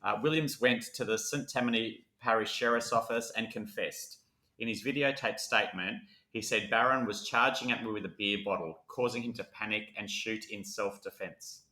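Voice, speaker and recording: A man co-hosting a casual true-crime podcast, reading out the case and breaking off for jokes. His voice sits a little low and sounds bright and forceful. The room around him is echoey. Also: normal speed. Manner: jokey, laughs often, quotes films. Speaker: podcast co-host.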